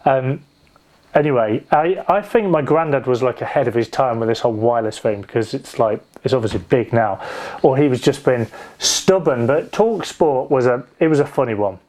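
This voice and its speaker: A man's voice: mid-range voice, moderate pace, a little mellow. A man preaching a sermon in a conversational, digressive storytelling way, with frequent restarts. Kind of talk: sermon with personal anecdote.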